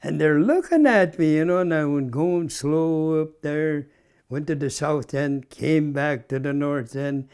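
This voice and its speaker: Smooth, fairly high in pitch and darkish in tone, the voice of this Canadian man in his nineties moves at a measured pace. He's an interview guest casually recounting old stories, often chuckling and ending remarks with "eh."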